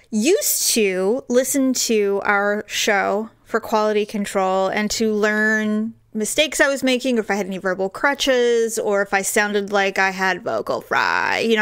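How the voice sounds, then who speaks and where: A woman's voice: mid-range voice, a little slow, fairly bright tone, smooth. A woman co-hosting a podcast in casual chat, candid and self-deprecating, often giggling. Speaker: podcast co-host.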